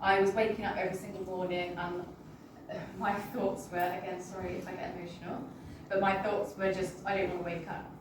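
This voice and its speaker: A British woman recounts her own story to a listening audience, speaking in a halting, emotional way and often apologizing. Her voice is picked up from a distance in a very reverberant room. A constant background hum sits under her speech. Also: lowish voice, little pitch movement. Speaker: guest sharing a personal testimony. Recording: roomy, distant, with background noise.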